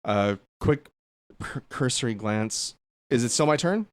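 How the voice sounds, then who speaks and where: A man's voice: medium pitch, animated, measured pace. A man playing a tabletop game, eagerly talking through his moves as he plays. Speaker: player. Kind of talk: casual tabletop play.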